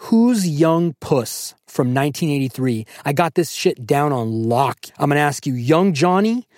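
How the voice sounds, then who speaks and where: A man hosting a casual podcast chat, playful and excitable, running the segments from a booth. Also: fairly high pitch, unhurried, no room sound, clean studio sound. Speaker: podcast host.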